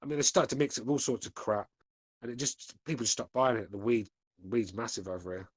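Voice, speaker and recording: A man hosts a podcast, reading out the live chat with laid-back, crude, mocking banter in a casual live-stream style. His voice is mid-range and husky, he talks fast, and there's no echo.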